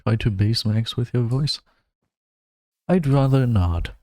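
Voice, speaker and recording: A man's voice: medium pitch, lively intonation, slow pace, darkish tone, no room sound. A young man from Germany, giving wry, self-mocking running commentary while streaming a game. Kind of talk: casual gameplay commentary.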